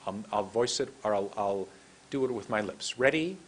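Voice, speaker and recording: A man teaching English pronunciation in a lesson, speaking slowly and deliberately as he demonstrates words one at a time. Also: lowish voice, expressive, slight background noise. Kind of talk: instructional lesson, slow drills.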